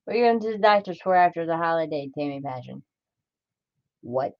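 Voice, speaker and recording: A woman's voice: low-pitched, expressive, fairly quick, no room sound, lo-fi sound. A woman chatting casually on a crafting livestream, talking to herself as she works and greeting viewers by name.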